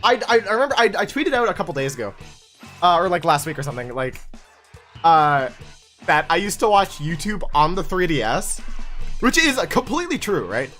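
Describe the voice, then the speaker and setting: Animated young man streaming games. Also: sits high, brisk, faint music behind. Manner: animated, chatty, talks to chat. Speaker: game streamer. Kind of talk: casual live-stream chat while gaming.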